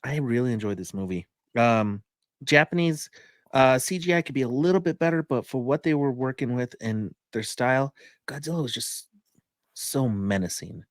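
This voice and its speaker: Man, podcast co-host, excited rambling movie review, middle pitch, dry close sound. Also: moderate pace, no echo. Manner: rambling, enthusiastic, many fillers. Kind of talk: casual movie review chat.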